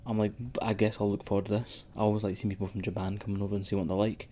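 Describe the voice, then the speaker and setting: A man's voice: lowish voice, little pitch movement, rapid-fire, mellow. A man co-hosting a wrestling podcast in sweary, rambling casual chat. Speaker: podcast co-host.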